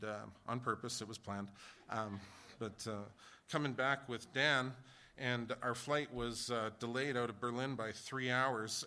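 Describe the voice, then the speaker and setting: A man preaching a sermon, reading scripture and asking the congregation a run of rhetorical questions in a conversational way. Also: medium pitch. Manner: conversational, rhetorical questions, rising to shouts in an acted story. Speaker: pastor.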